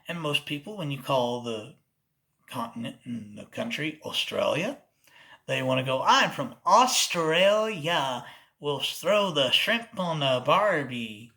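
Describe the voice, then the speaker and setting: A man's voice: on the high side, pushed and bright. A man from Oklahoma with a Southern US accent, hosting a comedic monologue and slipping into put-on accents. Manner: switches between put-on accents, playful. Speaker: host.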